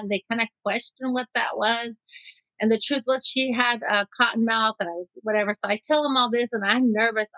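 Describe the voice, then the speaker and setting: Higher-voiced woman telling a vivid story. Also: pushed and bright, no echo, rough recording. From Mexico. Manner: vivid storyteller who acts out quotes. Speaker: guest. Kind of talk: personal storytelling in an interview.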